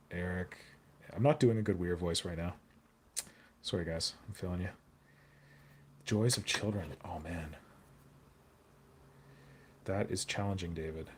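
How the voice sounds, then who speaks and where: Slight background noise accompanies a man's deep, slightly mellow voice. On his hobby live stream, he talks in a casual, rambling way, making jokes and replying aloud to what viewers write in chat.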